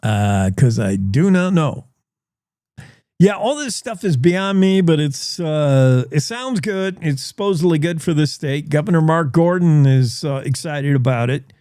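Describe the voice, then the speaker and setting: A man's voice: a little high, lively intonation, mellow, clear, resonant tone, no room sound, clean studio sound. A male radio host reading the news and history notes in a casual, rambling way, stopping to comment on what he reads. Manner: slow, rambling, self-interrupting reads with asides.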